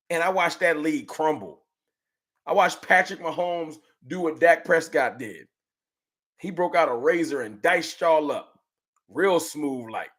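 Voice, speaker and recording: A man hosting a fan livestream, chatting with viewers and ranting with slangy, animated trash talk. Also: on the high side, moderate pace. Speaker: sports fan livestream host. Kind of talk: casual livestream chat reading super chats.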